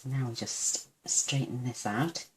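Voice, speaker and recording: A woman's voice: a bass voice, takes it slowly. A woman hosting a casual craft tutorial at her desk. She chats as she works, gushes over how cute each step looks and pokes fun at herself. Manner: chatty, gushing over cute results, self-deprecating. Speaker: papercraft tutorial host.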